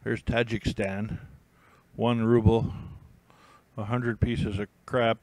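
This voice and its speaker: A man's voice: lowish voice, little pitch movement, slow pace, darkish tone, dry recording, low-quality recording. A man hosting a casual live stream, rambling and thinking aloud with many fillers and restarts while he browses listings. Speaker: YouTube host.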